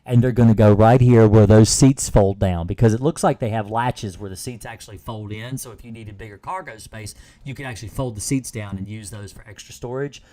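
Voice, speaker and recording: A man's voice: fairly low pitch, a little fast, hardly any pauses, warm tone. A tired man hosting a live stream, explaining step by step how to treat a car, speaking plainly and repeating his points. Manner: plain, instructive, repeats himself. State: tired, hiccups. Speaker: pest control host.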